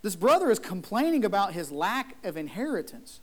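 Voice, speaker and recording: A man's voice: high voice, big pitch swings, normal speed. A man preaching a sermon as a pastor in a church, emphatic, acting out the people in his story. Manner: emphatic, acts out the whining brother.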